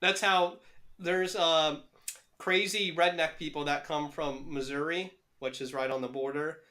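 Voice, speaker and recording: Man, podcast co-host, casual chat, bright voice, halting, full of restarts, remote call. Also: a little high, fairly even intonation. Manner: halting, with frequent fillers and restarts.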